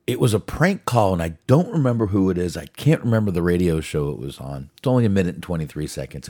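A man hosting a show, chatting in a relaxed, rambling way as he introduces old radio clips. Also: low-pitched. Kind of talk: casual chat.

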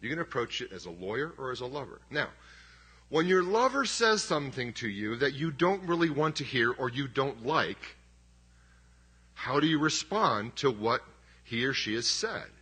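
A man's voice: medium pitch, sing-song, moderate pace, sharp tone, breathy edge. A middle-aged man preaching a sermon as pastor, conversational and emphatic, with self-deprecating humor.

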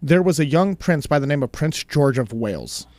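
A man's voice: on the high side, animated, moderate pace, darkish tone, no room sound. A man co-hosting a podcast, telling a story in a chatty, casual way and laughing easily. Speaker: podcast co-host.

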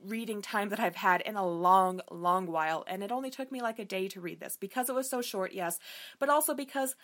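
A woman's voice: mid-range voice, a little fast. A woman hosting a book review podcast, chatting casually and frankly with lots of fillers and swearing. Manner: candid, profane, animated, frequent fillers. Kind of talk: casual chat.

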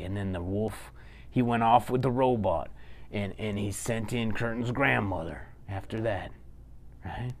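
A man telling a children's bedtime story, chatty and animated, with asides to his listeners. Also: on the low side, measured pace.

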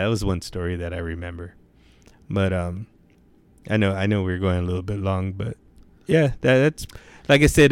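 A man's voice: low-pitched, clear, resonant tone, no room sound. A young man telling stories in casual chat, with laid-back slang, heavy swearing and constant "bro" and "dude".

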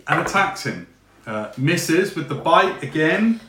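A man's voice: a little high, measured pace. Chatty man running a tabletop game. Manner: relaxed, chatty, with frequent fillers. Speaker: game master. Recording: echoey room with faint noise.

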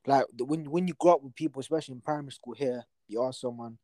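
A man's voice: mid-range voice, quick pace, dry recording. Young man telling stories. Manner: animated storytelling with slang. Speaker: podcast co-host. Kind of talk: casual chat.

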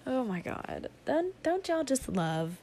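A young woman talks through a rambling, self-deprecating comedy monologue for her podcast. She speaks slowly with a slightly low voice, drifting between topics and breaking into giggles. Faint background noise sits under her voice. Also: darkish tone. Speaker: podcast host.

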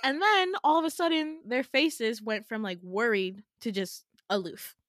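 A young woman co-hosting a podcast, telling a story in casual chat, animated and laughing often as she acts out quotes. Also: a little high, unhurried, dry recording, studio quality. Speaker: podcast co-host.

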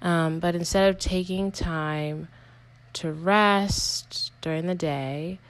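Low-voiced woman rambling candidly on a podcast. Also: fairly even intonation, slow, low-quality recording. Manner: rambling, candid, self-correcting with many "like"s. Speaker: podcast host. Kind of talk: casual personal podcast monologue.

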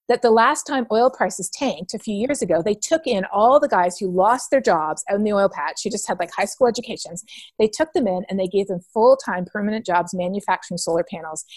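A Canadian woman with a medium-pitched voice, recorded with no room sound, is a guest in a casual interview. She tells stories animatedly, acting out the voices of the people she quotes.

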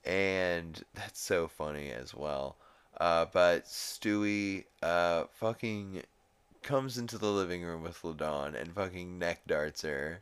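A man's voice: sits low, takes it slowly, fairly bright tone, smooth. A man hosting a podcast, recapping a cartoon episode in a rambling, casual way with frequent swearing. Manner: rambling, swears often, quotes characters. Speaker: podcast host.

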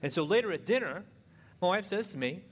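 A man from giving a humorous marriage talk, telling stories and jumping into high voices for the people he quotes. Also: expressive, a little fast. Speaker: marriage seminar speaker. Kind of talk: humorous sermon-style talk with acted anecdotes.

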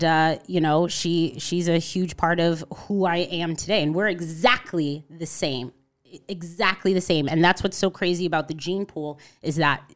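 A woman in her thirties from Connecticut, a podcast guest telling her story in a casual interview, acting out what people said and often adding "you know" and "like". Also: lowish voice. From Connecticut, USA. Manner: animated storyteller, acts out quotes, frequent "you know" and "like".

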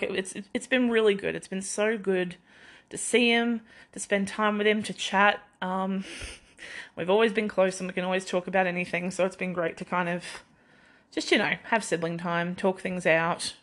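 A young adult woman hosts a podcast by herself, rambling through casual chat and often laughing at herself in a self-deprecating way. Her voice is mid-range and a bit bright.

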